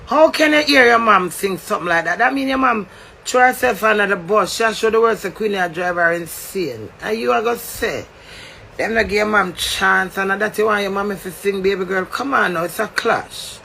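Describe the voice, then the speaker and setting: A man's voice: high-pitched, moderate pace, vocal fry, bright, forceful tone, slight background noise. A man with a Jamaican accent delivering a heated, confrontational rant, swearing and lecturing.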